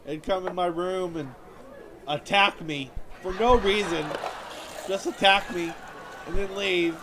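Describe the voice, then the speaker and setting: A man's voice: sits high, measured pace. A man performing a self-pitying stand-up comedy monologue on stage before a live audience. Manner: whiny, self-pitying storytelling. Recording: audience laughter and background noise.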